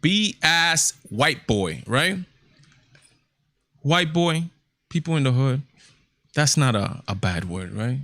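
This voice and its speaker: Emphatic man with a bright, dry voice. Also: mid-range voice, sing-song, slow, pauses often, dry recording. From Hispanic heritage, United States. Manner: emphatic, repetitive, conversational. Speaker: show host. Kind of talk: casual livestream commentary.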